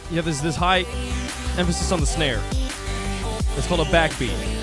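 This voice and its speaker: A man's voice: fairly high pitch, no echo. A young man casually explaining music theory with enthusiasm, full of restarts, counting beats aloud. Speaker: music vlogger.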